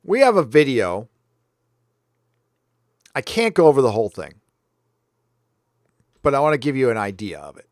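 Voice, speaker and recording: A man's voice: medium pitch, huge pitch swings, moderate pace, pauses often, darkish tone, dry recording, studio quality. An American man hosting a commentary livestream, blunt and ranting, swearing freely as he reacts to clips. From United States. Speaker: livestream host. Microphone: headphones on while talking into a desk mic.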